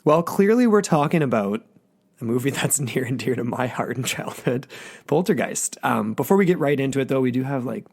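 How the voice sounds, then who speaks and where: A man's voice: medium pitch, expressive, fairly quick, a little mellow, slightly rough. A man co-hosting a podcast in casual chat, enthusiastic and rambling, with plenty of fillers. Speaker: podcast co-host.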